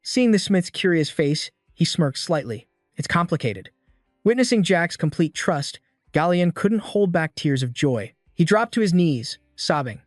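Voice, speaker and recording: A man reading a story recap as scripted narration, in a steady, even storytelling manner. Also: fairly high pitch, unhurried, no echo, studio quality, soft background music.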